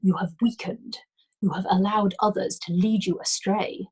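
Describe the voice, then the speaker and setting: A woman voicing a stern male village priest who speaks flatly, gravely and earnestly. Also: medium pitch, moderate pace.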